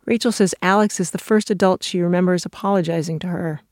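A woman host narrating a scripted documentary story in a measured, even way. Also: on the low side, no echo, studio quality. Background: guitar music.

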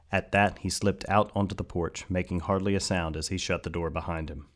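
Brief: male audiobook narrator, very deep voice, measured reading. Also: steady tone. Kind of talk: scripted narration.

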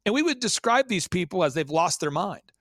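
A man guesting on a talk show, speaking emphatically with rapid rhetorical questions and repeated words. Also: sits high, very animated, fairly bright tone, dry recording, clean studio sound. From Oklahoma. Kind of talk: conspiracy talk-show commentary.

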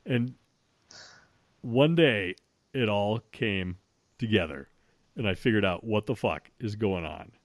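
A man's voice: lowish voice, slow, long pauses, slight background noise. A man casually telling a story, swearing freely and restarting his sentences as he goes. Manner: swears freely, frequent restarts, animated retelling.

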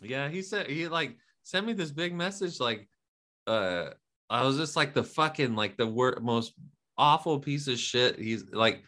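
A man in casual chat, telling a story with lots of swearing and jumping into high-pitched quoted voices. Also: lively intonation, a little slow, bright, forceful tone. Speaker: podcast co-host, open mic runner.

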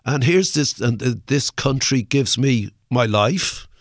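Slow but animated, an older Irish musician guest recounts a long interview anecdote in a mid-range voice. The story meanders with frequent fillers and the occasional swear word, captured in studio quality with no room sound.

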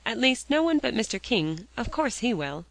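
A woman's voice: on the high side, sing-song, normal speed, vocal fry, no echo, voice pushed up, rough recording. A woman voicing a curious young girl who teases and whispers conspiratorially. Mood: teasing. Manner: whispering, teasing.

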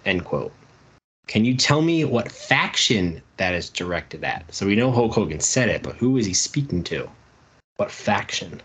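Low-voiced man reading trivia questions. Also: big pitch swings, normal speed, fairly bright tone, breathy edge. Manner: reads trivia questions and quoted promos, laughs easily. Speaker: podcast co-host running trivia. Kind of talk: casual chat.

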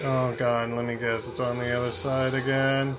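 A man's voice: medium pitch, flat delivery, moderate pace, over music. A man commenting on his own gameplay, cursing, complaining and laughing in frustration at a boss fight. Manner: swearing, exasperated and laughing, talks to the game. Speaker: gamer playing a video game.

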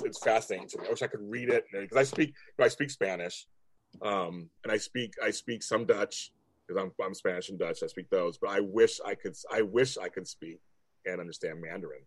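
A man in his fifties from California, hosting a casual chat and talking in a rambling, halting way with many restarts. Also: fairly low pitch. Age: 50s. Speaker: host.

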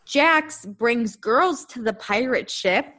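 Animated woman recapping reality TV. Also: on the high side. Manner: animated, acts out quotes in quick bursts. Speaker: recap podcast co-host. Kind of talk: casual chat recapping a reality show.

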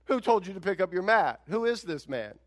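A male pastor preaching a sermon in an animated, conversational way, with emphatic rhetorical questions. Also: high voice, brisk.

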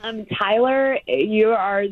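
A woman's voice: medium pitch, slow. A bubbly, chatty young woman talking casually on the phone to radio hosts. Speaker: caller on a radio dating segment. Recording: tinny phone line.

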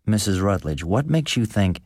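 A man's voice: on the low side, sing-song, moderate pace, darkish tone, breathy edge, dry recording, clean studio sound. A man voicing a nervous, thin-voiced village deacon who asks careful, probing questions, read as an audiobook character.

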